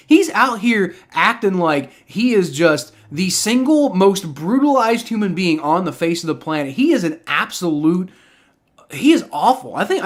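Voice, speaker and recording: A fed-up male streamer ranting through a live game reaction, swearing freely and tripping over his own restarts. His voice sits a little high and swings wildly up and down as he vents. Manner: exasperated ranting, heavy profanity; frequent stammering restarts.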